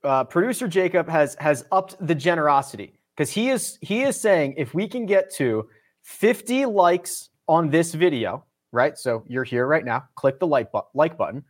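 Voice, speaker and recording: Man, podcast host, slightly higher voice, casual upbeat chat. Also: lively intonation, moderate pace. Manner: upbeat, chatty, promotes sponsors and links.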